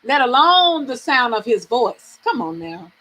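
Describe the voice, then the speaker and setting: A woman's voice: a little high, very animated, unhurried, bright, forceful tone, rough recording. A middle-aged woman from the American South, hosting a live reading stream and chatting frankly with viewers, swearing freely and laughing often.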